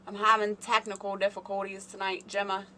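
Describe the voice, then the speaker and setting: A woman's voice: medium pitch, level tone, a little fast, sharp tone, slight background noise. A woman hosting a casual live stream, rambling and chatting with her viewers by name. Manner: chatty, rambling, talks to chat readers by name.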